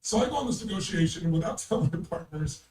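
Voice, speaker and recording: An older man tells a story in an emphatic, blunt voice. His voice sits high but sounds mellow. It echoes around a roomy space, picked up from a distance, with faint noise underneath. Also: expressive, fast. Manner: emphatic, blunt, swears freely. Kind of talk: anecdotal storytelling.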